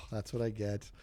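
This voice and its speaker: A man's voice: lowish voice, slight background noise. A man streaming a video game live, joking and talking to himself as he plays. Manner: animated, joking, talks to himself while playing. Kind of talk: live gaming commentary.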